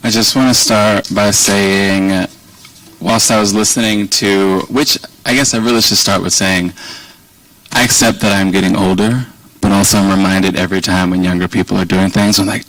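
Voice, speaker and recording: A man with a faint Southern accent speaks to a live audience in a lowish, easygoing voice. He rambles warmly and pokes fun at himself. The sound is dry, caught by a microphone set back from him. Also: fairly even intonation, normal speed, dry recording, far from the mic, rough recording. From Virginia, US. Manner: rambling, self-deprecating, chatty. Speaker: keynote speaker. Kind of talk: conversational speech to an audience.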